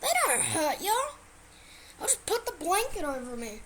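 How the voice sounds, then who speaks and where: A woman giving casual reaction commentary in a blunt, excitable way, swearing freely. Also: sits high, moderate pace, long pauses, a little hiss or hum, low-quality recording. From Australia. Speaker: reaction vlogger.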